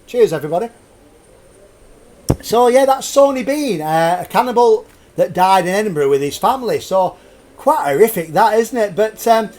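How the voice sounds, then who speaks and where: Jokey high-voiced man telling a tale. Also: a little mellow. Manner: jokey, laughs at own puns, digresses. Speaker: host. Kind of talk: live storytelling chat.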